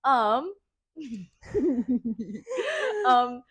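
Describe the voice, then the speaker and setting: A woman's voice: a little high, very slow, a bit bright, no room sound. A woman co-hosting a podcast, telling a story in casual chat, giggling and swearing as she goes. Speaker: podcast co-host.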